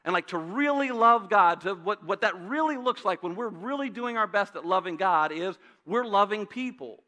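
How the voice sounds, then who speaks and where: A man's voice: high voice, expressive, moderate pace, pushed and bright. A man in his thirties preaching a sermon as a pastor, talking casually with asides and rhetorical questions. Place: church sanctuary.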